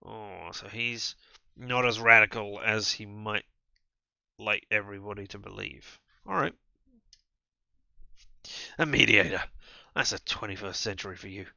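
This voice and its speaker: A man reads a story game aloud and slips in wry asides. His voice is gravelly and very bright, recorded dry and dull. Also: fairly low pitch, unhurried, pauses often, dry recording. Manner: wry asides between read lines. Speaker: streamer playing a visual novel.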